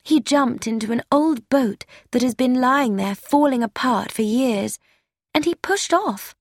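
A woman's voice: high-pitched, measured pace, no room sound, studio quality. A woman reading a young woman's chatty, earnest letter aloud in an audiobook. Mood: confiding. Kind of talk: scripted narration.

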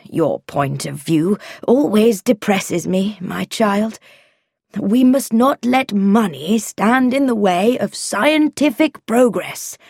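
An absent-minded elderly professor, fussy and easily irritated, as a woman reading a storybook puts him on. The voice is slow and husky, rising and falling widely, close and dry. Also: medium pitch, expressive, a little mellow, dry recording, exaggerated voice. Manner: distracted, fussy, mildly irritable.

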